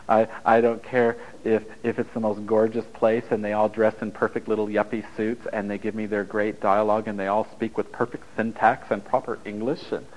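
Through poor-quality radio audio comes a man from the United States with a voice on the low side, a relationship speaker addressing a live audience. His talk is blunt and story-driven, and he performs the dialogue himself along the way.

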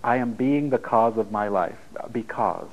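The recording is muffled as a middle-aged man with a lowish voice speaks unhurriedly to a live audience. A spiritual teacher, he gives an informal talk, rambling and joking and frequently laughing at his own lines.

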